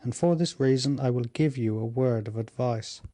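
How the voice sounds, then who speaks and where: A man reading the lines of an aging queen who speaks with dignified, measured sternness. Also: medium pitch, warm tone, natural voice. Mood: gentle.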